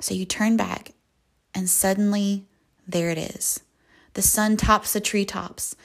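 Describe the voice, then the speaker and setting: A young woman hosting a devotional podcast, slowly and softly guiding a visualization, sometimes dropping to a whisper. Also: mid-range voice, little pitch movement, vocal fry. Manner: slow, soft and reflective, often near a whisper. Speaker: podcast host. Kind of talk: guided visualization and devotional talk.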